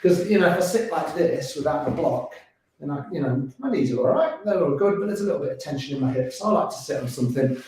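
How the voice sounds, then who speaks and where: A man's voice: a little high, lively intonation, quick pace, a little mellow. A man guiding a beginners yoga class, chatty and encouraging, with little laughs. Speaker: yoga instructor. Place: yoga studio. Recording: roomy studio echo.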